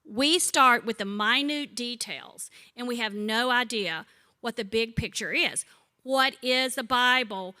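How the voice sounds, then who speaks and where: With a bright, forward, fairly high voice and a slightly slow pace, a woman in her sixties leads a Bible study. Her conversational teaching is chatty and warmly funny, built on stories and questions she puts to the group.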